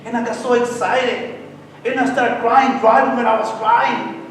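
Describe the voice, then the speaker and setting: High-voiced man giving halting church testimony. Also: flat delivery, fairly bright tone, slight background noise. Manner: halting, repeats words often while searching for them. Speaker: church speaker sharing a testimony. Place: church sanctuary. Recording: echoey hall, distant mic, faint music.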